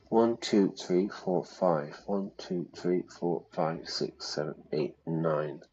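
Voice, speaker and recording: A man streaming a detective game, reading the clues aloud and reacting loudly to each twist. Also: low voice, takes it slowly, few pauses, a little hiss or hum. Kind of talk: casual gameplay commentary. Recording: slightly dull lo-fi audio.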